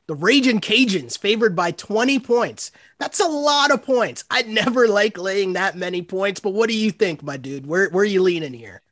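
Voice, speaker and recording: High-voiced man hosting a podcast. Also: normal speed, hardly any pauses, no room sound, clean studio sound. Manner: relaxed and friendly, tosses questions to his co-host. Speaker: podcast host. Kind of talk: casual sports podcast hosting.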